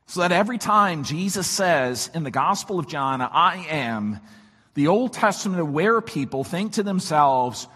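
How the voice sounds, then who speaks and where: A man preaching a sermon, his voice weak this morning, swinging from shouts to near-whispers. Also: fairly high pitch, animated, measured pace, husky, in a large hall. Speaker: pastor.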